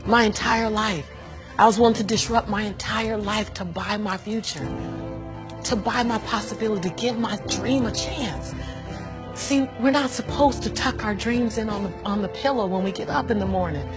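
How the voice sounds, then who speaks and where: A woman's voice: medium pitch, moderate pace, music in the background. A middle-aged woman telling her life story as an interview guest, emphatic and preacherly, often breaking into laughter. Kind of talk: animated personal storytelling.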